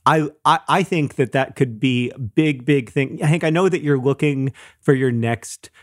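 A man's voice: mid-range voice, a little slow, dry recording, studio quality. A man in his forties co-hosting a podcast, telling stories with wry humor and reading listener mail aloud. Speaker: podcast co-host. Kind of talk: casual chat.

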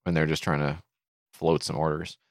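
A man's voice: rumbling low, flat delivery, moderate pace, dry recording, studio quality. A man co-hosting a podcast in casual comedic chat, swearing freely and riffing with sarcastic asides. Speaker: podcast co-host.

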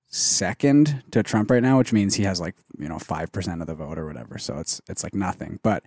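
A man's voice: deep voice, fairly quick, darkish tone, husky, no room sound, studio quality. A man co-hosting a casual comedy podcast, rambling with lots of fillers and amused by his own jokes. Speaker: podcast co-host. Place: Canadian studio show.

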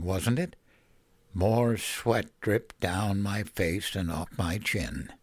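Male horror story narrator with a mid-range voice, slow measured delivery, dry studio sound. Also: medium pitch, no echo.

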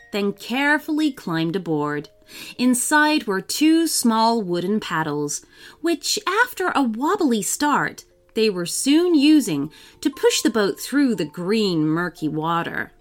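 A woman narrating a children's storybook in a lively, expressive reading voice. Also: mid-range voice, slow, faint music behind.

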